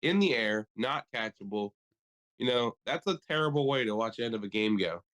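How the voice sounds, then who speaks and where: A male podcast co-host in loose, casual chat, riffing with plenty of swearing and lots of energy. His voice sits at an ordinary middle pitch. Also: a little fast. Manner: profane, animated riffing.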